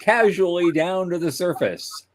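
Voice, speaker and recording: An older man co-hosting a podcast, chatting casually in a joking, lively way. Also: high-pitched, measured pace. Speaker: podcast co-host. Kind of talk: casual chat.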